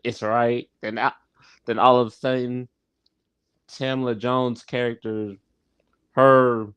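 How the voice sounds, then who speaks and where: A man's voice: medium pitch, clear, resonant tone, no room sound. A man hosting a live stream, casually recapping a sitcom episode, often laughing and restarting his phrases. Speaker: show host and TV reviewer.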